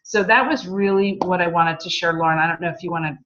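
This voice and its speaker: A woman's voice: lowish voice, fast talker, fairly bright tone. A woman coaching her team on a group call, upbeat, acting out sample messages. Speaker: team leader on a conference call. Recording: muffled lo-fi call audio.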